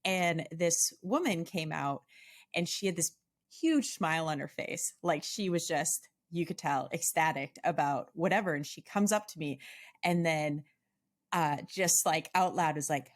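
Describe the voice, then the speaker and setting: A woman's voice: on the low side, lively intonation, moderate pace. A middle-aged woman hosting a podcast interview, chatting casually with frequent laughs and many "like" fillers. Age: 40s. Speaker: podcast host.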